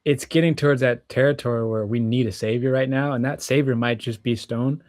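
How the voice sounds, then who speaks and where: Young dude on a podcast, mid pitch, lots of um and like, dry close sound. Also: male voice, steady tone, a little fast, darkish tone, dry recording. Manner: hesitant, lots of fillers. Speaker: podcast co-host. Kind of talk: casual sports podcast chat.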